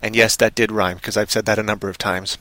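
A man's voice: on the low side, level tone, fast talker, pushed and bright, dry recording. A man hosting a casual live show, talking in a hyper, playful way full of wordplay. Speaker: show host.

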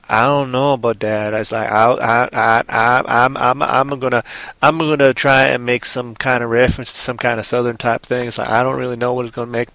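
A man's voice: mid-range voice, gravelly, a bit bright, no echo. A man co-hosting a casual online chat show, rambling playfully and trailing off into mumbles. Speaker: podcast co-host.

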